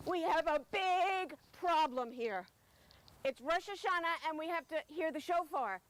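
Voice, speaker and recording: A woman leading a holiday service in a casual, excitable and exclamatory way. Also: very high-pitched, unhurried. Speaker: service leader.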